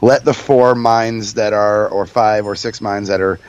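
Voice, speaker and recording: A man's voice: fairly low pitch, steady tone, measured pace, clear, resonant tone, dry recording, highs cut off. A man co-hosting a radio show in casual chat, joking and crude, often laughing.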